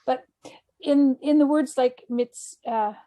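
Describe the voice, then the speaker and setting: A woman's voice: high-pitched, fairly even intonation, takes it slowly, warm tone. A woman asking questions in a language class, curious and hesitant, sounding out words. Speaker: student.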